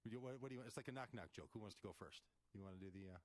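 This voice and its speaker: A man hosting a call-in radio show, talking casually and reading scripture in a rambling, animated way. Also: on the low side, racing, dry recording.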